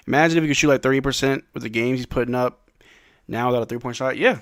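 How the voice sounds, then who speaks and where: A man's voice: mid-range voice, fairly even intonation, quick pace, fairly bright tone. A man hosting a live stream watch-along, calling plays casually and chatting with viewers in a drowsy, slangy way. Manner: laid-back, slangy, reads chat questions aloud. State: drowsy, yawning. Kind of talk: casual play-by-play and chat reading.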